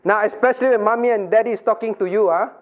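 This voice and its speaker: A man's voice: high voice, racing. A middle-aged male pastor leading a children's Bible lesson, asking questions, laughing often and acting out little scenes.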